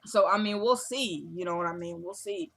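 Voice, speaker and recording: A woman's voice: fairly low pitch, normal speed, vocal fry, fairly bright tone. A young woman, chatting casually as she recaps a TV episode and retells the dialogue. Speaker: recap vlogger.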